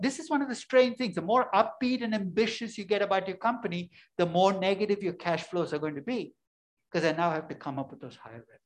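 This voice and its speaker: A man's voice: high-pitched, animated, a little fast. A man giving a classroom lecture, emphatic and conversational, often asking questions and answering them himself. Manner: emphatic, asks and answers his own questions. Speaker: finance lecturer.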